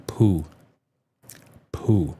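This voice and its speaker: A man's voice: extremely slow, warm tone, slight background noise. A man hosting a live science and news show, reading items aloud and rambling off into jokes. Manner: jokey, rambling, laughs at his own jokes. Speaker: host. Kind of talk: casual live show commentary.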